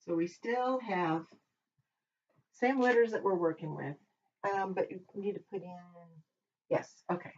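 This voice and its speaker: A woman teaching a language lesson who talks while she writes, pausing and correcting herself as she goes. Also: medium pitch, darkish tone. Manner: talks while writing, with pauses and self-corrections. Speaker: Hebrew teacher. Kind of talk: slow, patient lesson at a whiteboard. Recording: dull lo-fi recording.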